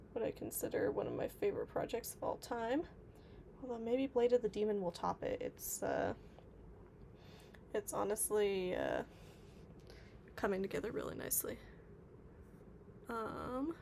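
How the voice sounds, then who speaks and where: A woman's voice: medium pitch, vocal fry, a little mellow, a little hiss or hum. A woman streaming live, chatting casually and reading out viewer comments, with lots of filler words. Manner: chatty, reads chat aloud, many fillers. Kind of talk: casual livestream chat.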